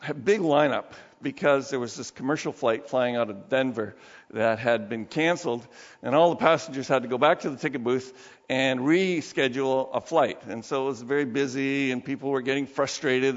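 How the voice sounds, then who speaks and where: A man preaching a sermon as pastor, praying softly and slowly, then telling stories with lively emphasis. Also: mid-range voice. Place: church sanctuary. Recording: dull sound with long reverb of a church hall.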